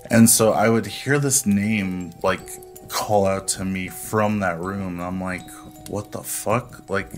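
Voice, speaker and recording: A man's voice: sits low, steady tone, unhurried, faint music behind. A man telling a personal story as a podcast guest, in a laid-back, profane way. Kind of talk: casual storytelling.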